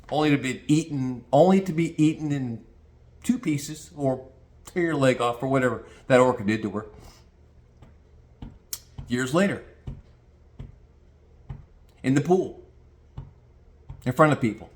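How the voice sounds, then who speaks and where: A man's voice: on the high side, a little slow, pauses often. An older retired man ranting crudely and mockingly in a casual monologue, telling stories and slipping into put-on voices. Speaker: vlogger. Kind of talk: casual rant.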